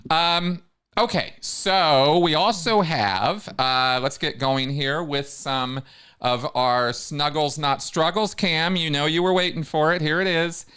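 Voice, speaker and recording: A man hosts a casual live chat show, wandering from thought to thought and restarting sentences. His voice is bright and clean, with a crisp, resonant tone. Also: fairly high pitch, slow. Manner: rambling, many restarts. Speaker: host.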